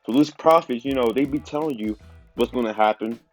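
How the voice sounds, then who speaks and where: A man's voice: medium pitch, a little fast, faint music behind. A man with a stuffy nose giving an informal religious teaching, talking casually with lots of fillers. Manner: casual, conversational preaching with many fillers. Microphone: phone.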